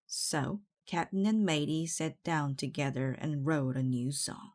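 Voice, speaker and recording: A woman reading a children's picture book aloud in a slow, clear way. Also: sits low, a little mellow. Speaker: storybook reader.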